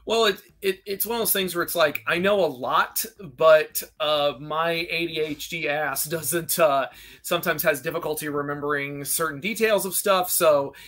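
Guest expert, male; bright, slightly high voice; rambling, restarts, laughs a lot. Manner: rambling, self-interrupting, quick laughs. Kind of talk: casual chat.

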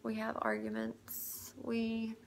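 A woman in her thirties talks softly into her phone camera in a home kitchen, tearful and hushed so she won't wake her sleeping child. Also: fairly high pitch, sing-song, takes it slowly, slight background noise. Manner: soft, hushed to avoid waking a child. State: tearful, close to crying. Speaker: vlogger, mother. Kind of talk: casual vlog.

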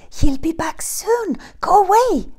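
A woman voicing an anxious little old woman in a storybook castle, speaking in a hushed, fussing way. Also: fairly high pitch, big pitch swings, a little slow, exaggerated voice.

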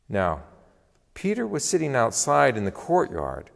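A man reading scripture in a worship service, expressive and deliberate. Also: mid-range voice, gravelly, in a large hall. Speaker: lay reader. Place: church.

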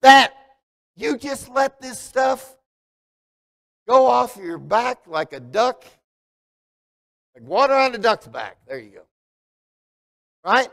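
A male pastor delivers an unhurried, conversational sermon, putting questions to his listeners. His voice sits high for a man. The sound rings out with a long reverb from the church sanctuary. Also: very animated, vocal fry, fairly bright tone. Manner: conversational preaching, asks the congregation questions.

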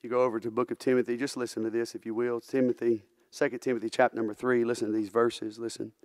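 A man's voice: mid-range voice, flat delivery, fast, darkish tone, no room sound, clean studio sound. A male preacher delivering a sermon in church, earnest and full of rhetorical questions, building into fervent preaching. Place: church sanctuary.

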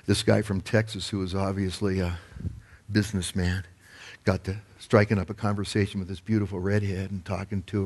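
A male pastor preaching a sermon, telling a story and rising to loud, emphatic peaks. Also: low voice, slightly rough.

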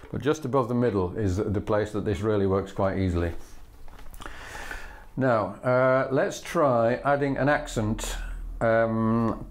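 A man teaching fiddle bowing in a patient, methodical way, singing the rhythms aloud between spoken steps. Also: fairly low pitch. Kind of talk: instructional demonstration. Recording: loud fiddle playing between phrases.

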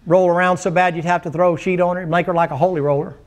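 Quick-paced and steady in tone, this high-voiced man is a pastor delivering a sermon before his congregation in the sanctuary. His stories are folksy and funny, and the people respond with amens.

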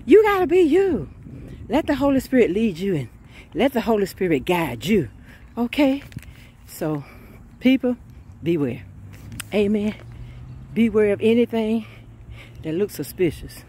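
A woman preaching an informal sermon, fervent and chatty, often breaking into laughs and shouted exclamations. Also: mid-range voice, sing-song, measured pace, long pauses, a little hiss or hum.

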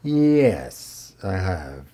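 A man's voice: low-pitched, big pitch swings, very slow, warm tone. A man speaking as a therapist in an interview, reflective, often checking in with "right?". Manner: reflective, frequent "right?" tags. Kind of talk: interview answers.

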